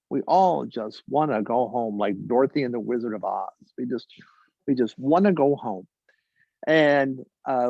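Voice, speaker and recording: A man telling a wry personal story on stage, halting and full of restarts. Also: mid-range voice, gravelly, dark tone, dry recording, lo-fi sound.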